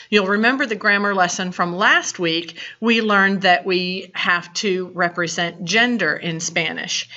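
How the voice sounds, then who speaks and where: A woman's voice: mid-range voice, bright, forceful tone, highs cut off. A woman from the American South with a Southern accent, teaching a Spanish grammar lesson in a patient, step-by-step way. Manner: patient, explains step by step with reminders. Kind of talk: recorded lecture.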